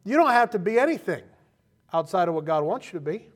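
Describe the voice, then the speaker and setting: A preacher with a high, ringing voice delivers an impassioned sermon. He drops to quiet asides, then builds to loud calls, and plays out other people's voices as he goes. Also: sing-song, fast. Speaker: pastor.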